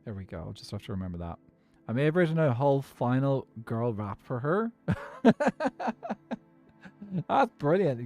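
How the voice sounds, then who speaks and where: A man's voice: mid-range voice, big pitch swings, normal speed, pauses often, darkish tone, faint music behind. An Irish man streaming a game, chatting casually and rambling with frequent laughs. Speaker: Minecraft streamer. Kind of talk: casual chat while gaming and reading chat.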